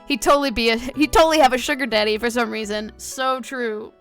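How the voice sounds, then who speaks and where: A woman's voice: fairly high pitch, steady tone, fairly quick, few pauses, a bit bright, faint music behind. An American woman streaming a game, chatting casually to herself, giggling and swearing often. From United States. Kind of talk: casual gameplay commentary.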